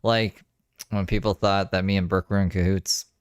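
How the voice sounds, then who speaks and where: A man's voice: low-pitched, flat delivery, normal speed, clear, resonant tone, no room sound, clean studio sound. A Canadian man streaming live, chatting and joking with his viewers in a loose, casual way.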